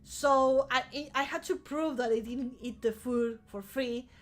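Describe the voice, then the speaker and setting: Chatty woman streamer, fairly high voice. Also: unhurried, fairly bright tone. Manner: rambling storyteller, swears casually, laughs often. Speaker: vtuber streamer. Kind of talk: casual live-stream chat.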